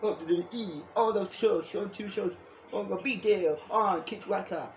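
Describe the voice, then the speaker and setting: A man rambling excitedly in a home video monologue, repeating himself and jumping between topics. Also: high voice, normal speed, lo-fi sound, slight background noise. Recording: echoey room.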